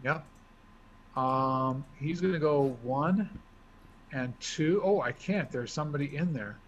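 A man talking through his moves as he explains a board game, thinking out loud in a casual way. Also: a little high, takes it slowly. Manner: chatty, thinks aloud while moving pieces. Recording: dull lo-fi recording with faint hiss.

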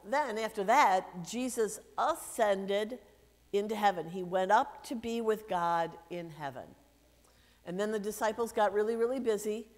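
A woman pastor reading scripture and then giving a gentle children's sermon, playfully asking the children questions. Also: a little high. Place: church sanctuary. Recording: long church reverb.

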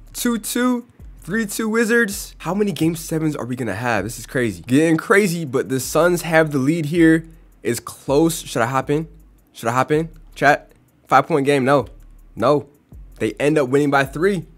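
A young man casually commenting on a basketball video game simulation, chatty and reacting as results come in. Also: on the high side. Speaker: gaming YouTuber.

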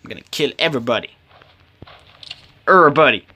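A man's voice: mid-range voice, lively intonation, fast talker, sharp tone, husky. A man giving solo gameplay commentary, talking to himself in a pleading, playful way. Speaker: gamer.

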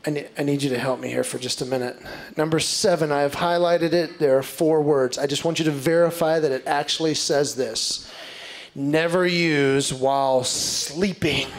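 A male stand-up comedian performing a routine, telling stories in an animated way with exaggerated outbursts. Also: fairly high pitch, brisk, few pauses. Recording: live stage recording with background noise.

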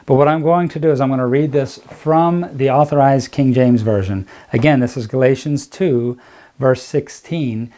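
A man with a warm, mellow voice talks through scripture in a deliberate, emphatic way. He slows down and leans on the words that matter to him. He speaks as the host of his own channel. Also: mid-range voice. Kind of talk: commentary with bible reading.

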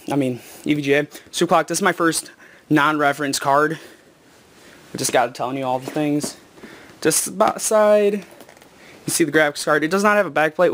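Breathless excited teenage boy. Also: a little high. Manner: excited, rambling with many ums and self-corrections. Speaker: gaming video maker. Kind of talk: casual unboxing vlog.

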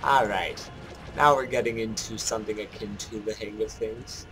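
A man giving casual let's-play commentary, joking at his own mistakes and thinking out loud as he plays. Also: lowish voice, steady tone, normal speed, soft background music. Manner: jokey, self-mocking, thinks aloud while playing. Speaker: gameplay commentator.

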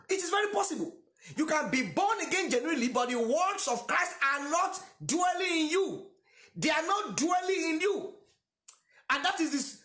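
A man's voice: very high voice, pushed and bright, roomy sound. A Nigerian-accented man whose first language is Yoruba, preaching a sermon emphatically and repeating lines for stress. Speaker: pastor.

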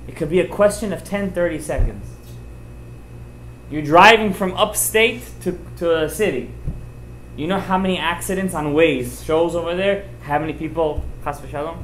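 A man, a rabbi giving an informal sermon, telling stories with emphatic, animated delivery and sprinkling in Hebrew and Yiddish terms. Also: a little high, normal speed, slight background noise. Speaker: rabbi giving a Torah class. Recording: roomy echoey room.

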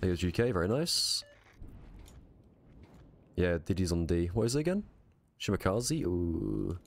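A man streaming a naval battle game live, muttering quick reactive commentary to himself with a strained voice. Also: sits low, sing-song.

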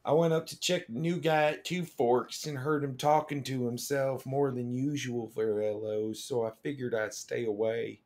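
A man's voice: medium pitch, steady tone, moderate pace, few pauses, a little mellow, voice pushed up, close to an everyday voice. A man voicing a rowdy male forest ranger with a put-on Southern accent, reading letters aloud in a drawl. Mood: joking.

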